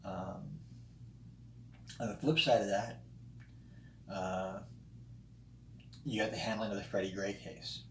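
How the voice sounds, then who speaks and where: A man with a fairly low voice talks through his opinions bluntly, swearing freely and pausing often on ums. The room around him is echoey. A faint hum of noise sits underneath. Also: fairly even intonation. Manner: blunt and profane, with frequent ums and restarts. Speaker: vlogger responding to a friend's video. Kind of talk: casual opinionated monologue. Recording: roomy echo with faint background noise.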